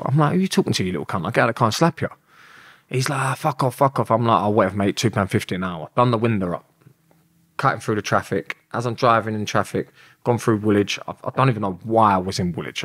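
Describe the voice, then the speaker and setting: A man's voice: medium pitch, a bit bright. A young man with a London accent, telling a rambling story as an interview guest, swearing and laughing as he talks. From England.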